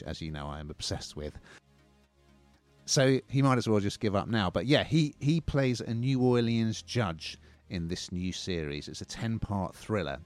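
A man's voice: low-pitched, darkish tone. A man casually reviewing films and TV series on a radio show, chatty and opinionated.

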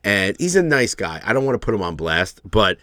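A man's voice: fairly low pitch, a little fast, no room sound. A man co-hosting a podcast, ranting and swearing in casual chat. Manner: ranting, swears freely, animated. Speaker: podcast co-host.

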